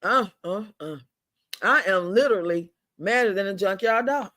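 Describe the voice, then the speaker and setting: A man's voice: sits high, normal speed, bright, forceful tone, no room sound, studio quality. An older man, venting angrily and profanely on a home live stream and repeating himself as he fumes. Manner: fuming, profane, repeats himself, drawls some words out. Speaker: livestream host.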